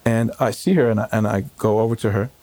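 A man, a rabbi, recalling a painful day in an emotional interview, talking in halting bursts with many fillers and restarts. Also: on the low side, fairly even intonation, dark tone. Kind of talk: emotional personal recollection. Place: home.

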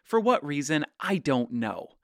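A man hosting a podcast in scripted narration, loud and brash with a playful, teasing manner. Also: fairly high pitch, very animated, unhurried, no room sound, studio quality. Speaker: podcast host.

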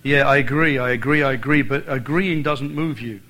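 A man's voice: mid-range voice, normal speed, pushed and bright, poor audio. A man with an Irish accent preaching a sermon as a visiting preacher, driving points home by repeating phrases. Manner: emphatic, repeats phrases for stress.

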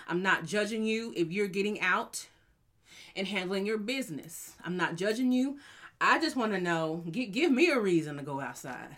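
A woman hosting a casual podcast from her home studio, chatty and lively, calling listeners honey and y'all. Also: medium pitch, moderate pace. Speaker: podcast host.

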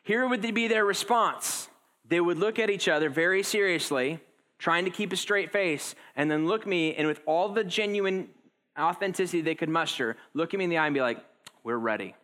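A man in his thirties preaching a conversational sermon, acting out quotes with lively shifts in tone. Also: sits high, moderate pace. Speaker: pastor.

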